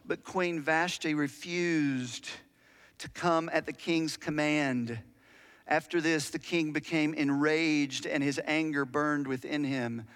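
Male pastor, high voice, chatty storytelling sermon, long hall reverb. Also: fairly even intonation, slow pace, a bit bright, smooth. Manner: conversational storytelling preacher, asks the audience questions.

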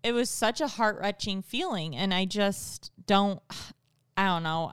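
Smooth-voiced young woman telling a story. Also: mid-range voice, a little slow, a bit bright, dry recording, studio quality. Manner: rambling, many fillers like "like" and "you know". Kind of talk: casual personal storytelling.

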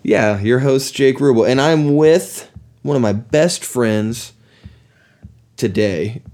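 Man, podcast host, playful, teasing, mid-range pitch, casual family chat. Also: slow, darkish tone. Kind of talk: casual chat with his son.

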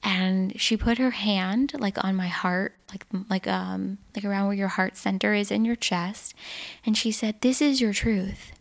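A young woman talks through a personal story on her podcast. Her delivery is casual and earnest, packed with fillers and quick restarts, and her feelings show as she talks. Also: mid-range voice, fairly even intonation, vocal fry. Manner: chatty, filler-heavy, earnest and emotional. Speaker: podcast host.

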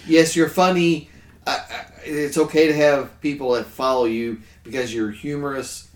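A man hosting a casual podcast discussion, chatty and quick to agree with his co-hosts. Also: on the high side, fairly even intonation. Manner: chatty, affirms often with "yes". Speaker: podcast host. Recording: roomy echo.

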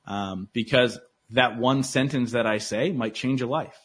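A man's voice: medium pitch, a little slow, husky. A man talking as a podcast guest in casual interview chat, earnest and motivational, with lots of likes and restarts. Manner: earnest, motivational, filler-heavy.

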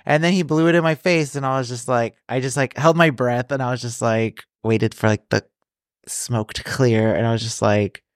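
A man's voice: mid-range voice, fairly even intonation, moderate pace, no echo, studio quality. A man co-hosting a podcast, telling frank stories in a casual, profane, laughing way. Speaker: podcast co-host. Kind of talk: casual chat.

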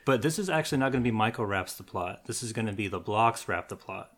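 A man's voice: fairly low pitch, expressive, fast talker, fairly bright tone. Playful man hosting a podcast. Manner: playful, laughing often. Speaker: podcast host. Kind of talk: casual chat, rapping a written recap.

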